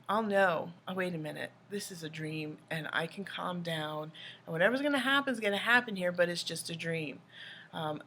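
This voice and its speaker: A woman's voice: fairly low pitch, a bit bright, a little hiss or hum. A woman in her thirties chatting casually to camera in a vlog, candid and rambling, with lots of fillers. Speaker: vlogger.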